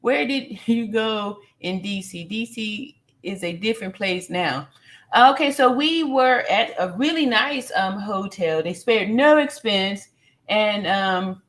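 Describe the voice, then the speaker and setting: A woman's voice: mid-range voice, fairly bright tone. A woman hosting a casual live stream, reading viewer comments aloud and repeating phrases for emphasis, with plenty of fillers.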